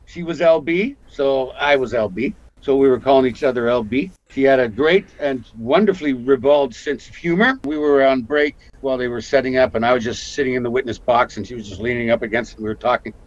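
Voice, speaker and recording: Older canadian guy, actor telling animated stories, kinda dull lo-fi sound. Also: medium pitch, fairly quick, hardly any pauses, dry recording. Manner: animated storyteller, acts out quotes. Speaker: guest actor. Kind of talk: casual interview storytelling.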